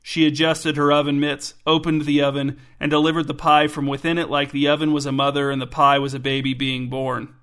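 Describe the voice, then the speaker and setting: A man narrating a comic story in a deadpan, scripted way. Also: a little high, a little fast, hardly any pauses, clear, resonant tone.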